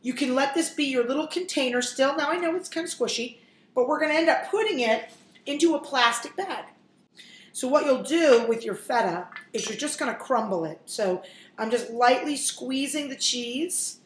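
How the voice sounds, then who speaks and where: A woman's voice: sits high, animated, moderate pace, a little hiss or hum. Chatty woman cooking in an echoey kitchen. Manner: chatty, jokey, talks straight to viewers. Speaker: cooking show host. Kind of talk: casual cooking demonstration.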